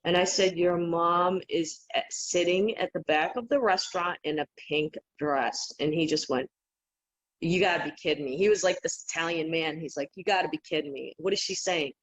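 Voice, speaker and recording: A woman guest on a podcast, telling stories in an animated, casual way and laughing often. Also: fairly low pitch, normal speed. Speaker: podcast guest, psychic healer. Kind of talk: casual interview storytelling. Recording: dull lo-fi remote audio.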